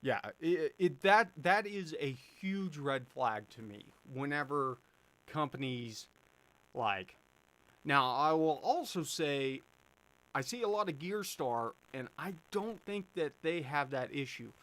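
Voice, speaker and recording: A man's voice: a little high, animated, slow pace, fairly bright tone. A man hosting a live stream, chatting casually and answering viewer questions with plenty of fillers and restarts. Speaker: livestream host answering chat.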